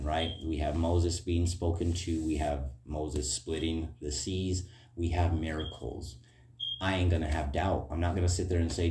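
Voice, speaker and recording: A man's voice: low voice, roomy sound, slight background noise. A man giving a rambling, earnest informal sermon, then reading scripture aloud. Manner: rambling, earnest, fillers and tag questions. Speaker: preacher.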